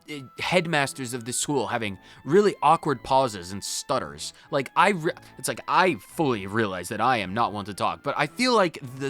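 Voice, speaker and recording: A man's voice: medium pitch, a bit bright. Playful man reading game dialogue. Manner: playful, theatrical reading with stumbles. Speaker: gaming channel host.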